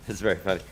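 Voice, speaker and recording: A man's voice: deep voice, vocal fry. A man hosting a casual book discussion podcast, loosely recapping chapters with asides and some swearing. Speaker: podcast host.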